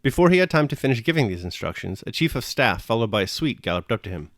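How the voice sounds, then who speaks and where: A man reading a classic novel aloud in measured, expressive narration, then reflecting on the chapter. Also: medium pitch, no room sound, clean studio sound. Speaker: reader and commentator.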